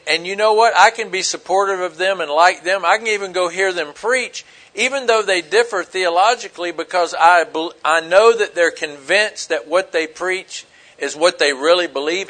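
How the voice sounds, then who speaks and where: A man preaches in a loose, conversational way, drifting from point to point with plenty of ums and uhs. His voice sits a little high for a man and rings bright and forceful. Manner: conversational, rambling storytelling with frequent fillers. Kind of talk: informal sermon.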